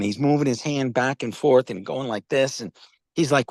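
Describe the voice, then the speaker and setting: Rambling older New man, gravelly. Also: mid-range voice, normal speed, dry recording. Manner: rambling storyteller, repeats words, says "okay?" and "all right?" often. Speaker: company founder pitching wellness products. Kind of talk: casual video-call chat.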